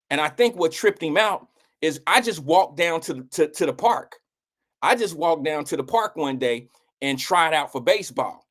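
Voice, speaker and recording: Middle-aged guy hosting, telling a story, swears a lot, does the voices of people he quotes. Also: moderate pace. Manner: animated, acts out quotes with swings in pitch; blunt, swears casually. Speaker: host. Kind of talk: casual storytelling.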